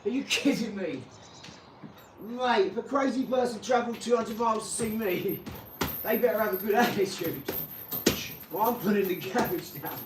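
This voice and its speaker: A man's voice: high-pitched, moderate pace. A man, talking bluntly and rambling in a casual vlog, swearing and then apologizing. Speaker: channel host. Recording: echoey room, far from mic, clear background noise.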